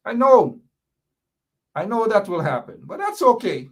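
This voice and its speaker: Man, Guyanese accent, show host, high-pitched, very animated, indignant, political commentary. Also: unhurried, husky. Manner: combative, indignant, repeats rhetorical questions.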